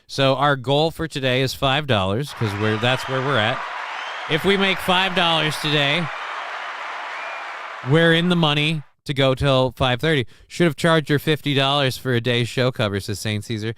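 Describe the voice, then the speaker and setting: A man's voice: mid-range voice, moderate pace, a bit bright, some chatter behind, a little hiss or hum. A middle-aged man hosting a casual live stream from his desk at home, rambling through a story, swearing freely, reading viewers' messages aloud and acting out quotes in a livelier voice. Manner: quotes himself and others in livelier raised voice. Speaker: livestream host.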